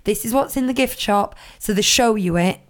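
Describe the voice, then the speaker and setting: A woman's voice: medium pitch, normal speed. Chatty woman podcast co-host. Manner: chatty, animated storytelling with acted-out quotes. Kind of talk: casual chat.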